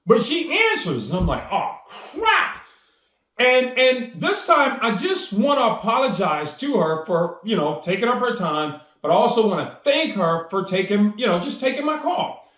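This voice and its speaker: A man's voice: high-pitched, big pitch swings, normal speed, a bit bright, roomy sound. A man telling a personal story with enthusiasm, acting out the dialogue as he goes. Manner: enthusiastic, acts out quoted dialogue. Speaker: storyteller and speaker.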